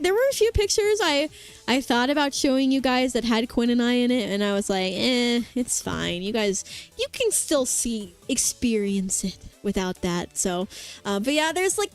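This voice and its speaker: A woman streamer chatting casually with her viewers, bubbly and rambling with lots of fillers. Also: a little high. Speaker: vtuber streamer. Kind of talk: casual chat with live chat. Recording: faint background music.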